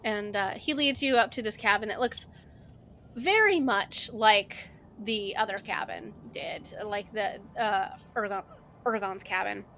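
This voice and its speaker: A woman's voice: medium pitch, measured pace, fairly bright tone, slight background noise. A woman narrating a tabletop game as game master, in a chatty, filler-heavy way.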